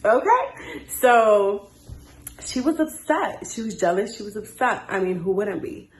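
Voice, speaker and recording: Young woman, lively storyteller, big pitch swings, roomy echo. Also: unhurried, slight background noise. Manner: animated, jumps to high voices when quoting. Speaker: story time host. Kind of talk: casual storytelling.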